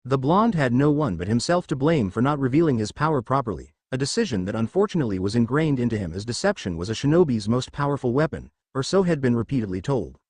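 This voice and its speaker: A man reading a fan fiction story aloud in a steady scripted narration. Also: mid-range voice, quick pace, hardly any pauses, no room sound.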